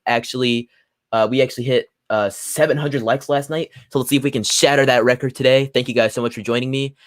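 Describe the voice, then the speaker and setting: A man's voice: medium pitch, dry recording, studio quality. Man ranting on a political livestream. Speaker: livestream host. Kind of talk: solo political livestream commentary. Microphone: phone or computer mic at a desk.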